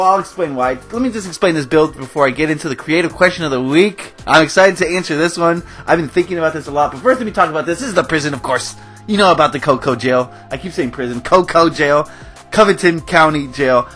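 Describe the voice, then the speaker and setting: A man's voice: a little high, fairly bright tone. Ranting, worked-up gaming host man. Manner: chatty, with frequent fillers and nervous laughs. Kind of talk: casual game commentary over gameplay.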